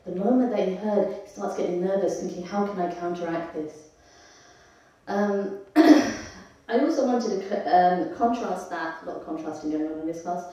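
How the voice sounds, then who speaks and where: A woman's voice: mid-range voice, dark tone, dull audio. A woman giving a devotional scripture class in a conversational way, asking her audience questions as she goes. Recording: echoey temple hall, voice from far off.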